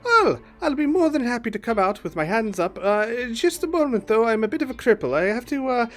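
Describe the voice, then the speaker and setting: A man voicing a fussy old male shopkeeper with a high, flustered, babbling manner and a mock Irish lilt. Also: sing-song, fairly quick.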